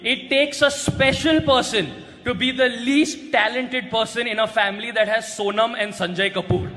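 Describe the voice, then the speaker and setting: A man doing a stand-up roast on stage, mocking his targets with crude punchlines and often shouting them. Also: very high-pitched, fairly even intonation, normal speed. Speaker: roast comedian. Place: large hall with a live audience. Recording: echoey hall recording with crowd noise.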